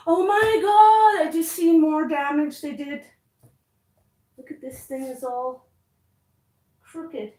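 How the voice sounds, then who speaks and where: A woman's voice: high-pitched, darkish tone, far from the mic. A woman vlogger chatting casually to camera, reading out viewer comments and reacting bluntly, swearing when annoyed. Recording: roomy, from away from the mic.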